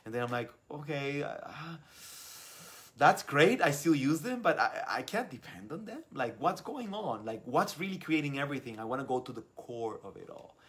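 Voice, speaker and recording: A young adult man hosting a live stream, reading out viewer comments and talking with effusive, enthusiastic warmth. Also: mid-range voice, very animated, moderate pace. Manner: enthusiastic, effusive, repeats words. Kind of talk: casual live stream talk.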